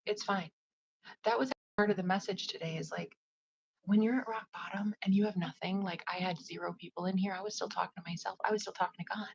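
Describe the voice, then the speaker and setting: Soft half-whispering woman, rambling livestream talk. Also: mid-range voice, steady tone, fast talker, creaky, husky, muffled recording. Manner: soft, often half-whispered, drifting delivery; loose, rambling with many "like" fillers. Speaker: psychic medium and spiritual advisor.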